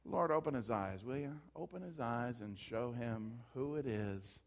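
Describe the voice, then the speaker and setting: A man voicing a calm, unbothered prophet who speaks in a low, unhurried way. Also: vocal fry. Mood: serene.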